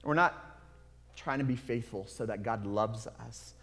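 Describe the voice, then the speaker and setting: A man preaching a sermon in an earnest, confessional way, moving from hushed to loud. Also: mid-range voice, unhurried. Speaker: pastor. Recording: long hall reverb.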